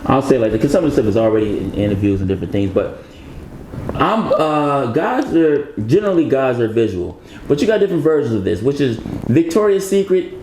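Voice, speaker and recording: A man's voice: medium pitch, sing-song, brisk, darkish tone. A man, a guest in a casual interview, talking in a laid-back, rambling way and laughing as he jokes. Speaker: interview guest, actor and comedian. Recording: roomy echo with faint background noise.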